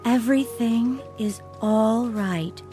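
A woman voicing a brave young woman warrior in a storybook reading, speaking slowly and earnestly. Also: a little high, warm tone, pitched above the performer's own voice. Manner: slow, earnest delivery. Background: background music.

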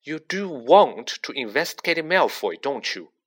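A man reading an audiobook, voicing a bossy, brainy teenage schoolgirl witch in a brisk, matter-of-fact way. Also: mid-range voice, sing-song, a bit bright, husky, heavily acted. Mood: stern. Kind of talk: audiobook character voice.

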